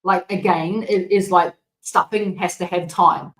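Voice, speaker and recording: A woman's voice: fairly low pitch, a little slow, fairly bright tone. Chatty woman cooking host, echoey kitchen. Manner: chatty, enthusiastic, many fillers and restarts. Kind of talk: casual cooking vlog talk.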